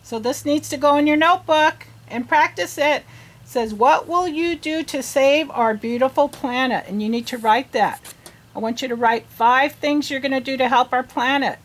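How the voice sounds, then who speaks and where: A woman teaching children to read, sounding out letters and words slowly and asking them questions in an encouraging way. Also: sits high. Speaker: reading teacher. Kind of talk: early reading lesson.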